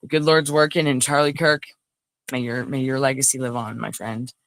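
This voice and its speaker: A woman's voice: very deep voice, fairly even intonation, normal speed, no room sound. A woman hosting a casual livestream talk show, chatty and rambling, talking straight to her viewers.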